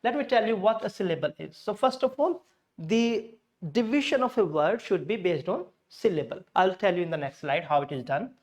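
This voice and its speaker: A man's voice: high voice, animated, normal speed. A man with an Indian English accent teaching English pronunciation from slides. He explains step by step, repeats words to demonstrate stress, and slips into Hindi now and then. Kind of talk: slide-based lesson.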